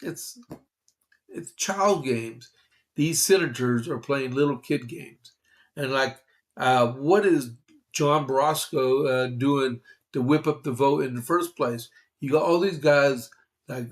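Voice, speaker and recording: A male podcast host riffs through the day's political news in a loose, rambling way, stopping often for fillers. His voice sits at an ordinary middle pitch, and he drops in dry, sarcastic asides as he goes. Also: unhurried. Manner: rambling, conversational, many fillers. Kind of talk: casual political commentary livestream.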